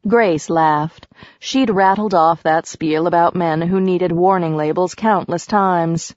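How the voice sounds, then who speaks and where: A woman reads a novel aloud in an even, storytelling way. Her voice sits a little low, and the recording is dry and somewhat dull. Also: unhurried, no echo. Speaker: audiobook narrator. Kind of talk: scripted narration.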